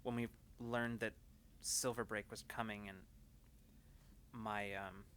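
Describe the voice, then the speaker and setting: A quiet, halting woman pilot, as a man game master puts her on in a tabletop game, unsure of her own fears. The voice is bright and forward, yet held low and trailing off into pauses. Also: flat delivery, slight background noise. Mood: troubled. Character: anxious, hesitant female pilot.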